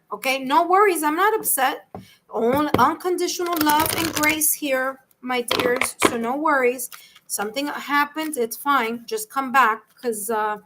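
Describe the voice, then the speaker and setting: A woman with a New York accent hosts a live-stream tarot reading, chatting warmly and reassuring viewers as she calls each of them by name. Her voice sits high and sounds bright and forceful. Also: a little hiss or hum. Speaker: tarot reader.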